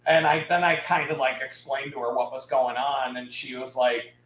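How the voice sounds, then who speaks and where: A man on a live stream telling a story in a casual, animated rant, swearing and laughing. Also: mid-range voice, moderate pace, roomy sound, low-quality recording. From Houston area, United States.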